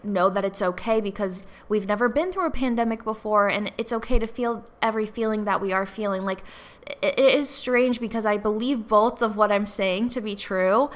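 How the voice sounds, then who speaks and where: A young woman in her twenties hosts a casual solo podcast, her bright, crisp voice rambling along with plenty of "like" fillers. She sounds tearful, as if she has been crying. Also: medium pitch, a little fast. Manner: rambling, chatty, many "like" fillers. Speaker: podcast host.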